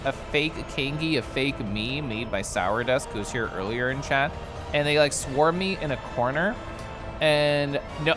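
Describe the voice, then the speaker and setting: Man, streamer, casual chat, playful silly noises, very animated pitch. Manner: playful, chatty, makes silly noises and laughs often.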